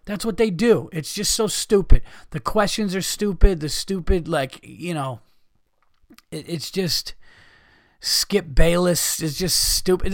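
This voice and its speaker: A man's voice: a little high, no echo, studio quality. A man hosting a podcast, ranting in a profane, exasperated way and mocking people by imitating them. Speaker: podcast host. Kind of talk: ranting monologue.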